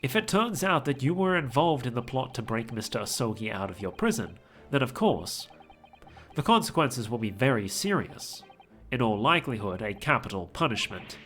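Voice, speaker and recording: A man voicing a stern, aristocratic male prosecutor in a low, clipped, voice. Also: very animated, normal speed, fairly bright tone, faint music behind. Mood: menacing.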